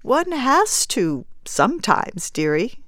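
A kindly gray-haired old woman, as a woman narrator puts her on, speaking with a mild lift in pitch and a soothing, motherly tone. She talks slowly and simply, in a dry, close storybook reading. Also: very animated, fairly bright tone, no room sound, exaggerated voice. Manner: kindly, calling others dearie.

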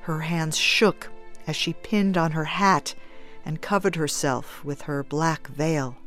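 A woman narrator reading a story at a very slow, measured pace. Her voice sits low, and the recording is close and dry. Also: no room sound. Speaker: audiobook narrator. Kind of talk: scripted narration.

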